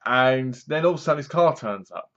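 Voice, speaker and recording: A man's voice: mid-range voice, expressive, a little fast, a bit bright. Chatty man reviewing a horror film. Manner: rambling, chatty retelling with asides. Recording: dull lo-fi recording.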